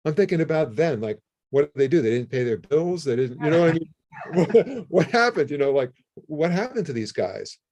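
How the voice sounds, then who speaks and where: A man's voice: fairly high pitch, brisk. Older man telling a story animatedly. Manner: animated, acts out his own and others' phone calls. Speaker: interview guest. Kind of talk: casual storytelling.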